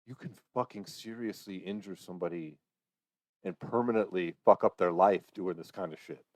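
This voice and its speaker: Male podcast co-host, very low voice, dry close sound, opinionated casual talk. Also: moderate pace, darkish tone, no echo. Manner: opinionated, acts out fighters' lines. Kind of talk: casual chat.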